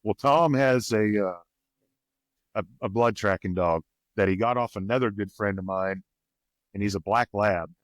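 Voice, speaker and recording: A man's voice: normal speed, dry recording. Folksy man telling a hunting tale. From Missouri, USA. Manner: rambling, folksy, quotes others with raised pitch. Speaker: podcast guest. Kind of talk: casual storytelling.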